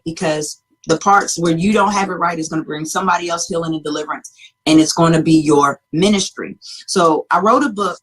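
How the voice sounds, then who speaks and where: A woman's voice: fairly low pitch, fairly bright tone, slightly rough. A woman, an author and guest, telling stories in a chatty talk-show way and laughing often. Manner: chatty storytelling with frequent laughter. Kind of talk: casual talk-show chat.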